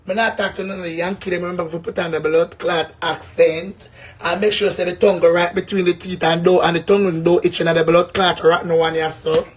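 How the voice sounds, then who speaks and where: A man's voice: fairly high pitch, little pitch movement, a little fast. A man from Jamaica with a Jamaican accent, ranting casually to his viewers in a brash, boastful way, swearing often. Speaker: vlogger. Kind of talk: casual rant to camera.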